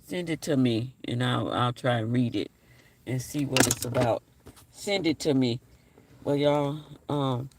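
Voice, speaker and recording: A man in his forties hosting a casual livestream, reading viewer comments aloud and repeating his phrases, sounding low on energy. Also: a little slow. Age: 40s. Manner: repeats his phrases, talks straight to the chat. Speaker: livestream host.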